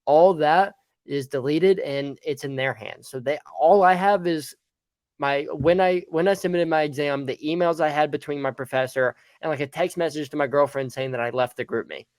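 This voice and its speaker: A man's voice: on the high side, moderate pace, a little mellow, dry recording. A young man telling a story in casual podcast chat, rambling with lots of fillers. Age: young adult. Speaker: podcast guest.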